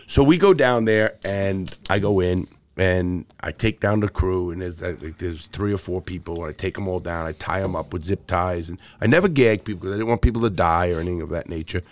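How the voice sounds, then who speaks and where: A man's voice: low voice, fairly quick, hardly any pauses, a little hiss or hum. A middle-aged man telling stories as a podcast guest, blunt and profane, with many restarts. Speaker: podcast guest, former jewel thief. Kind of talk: casual storytelling interview.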